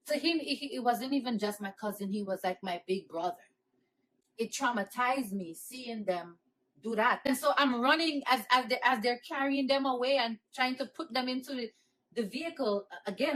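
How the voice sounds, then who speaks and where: A woman's voice: sits high, a bit bright, poor audio. A woman telling a painful childhood memory in an earnest, emotional storytime monologue. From New York. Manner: earnest, emotional retelling with rising, pleading cries.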